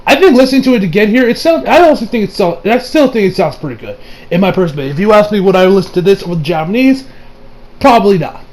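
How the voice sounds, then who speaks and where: A young man casually reviewing an anime episode, excitable and profane, laughing often. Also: high-pitched, fast talker.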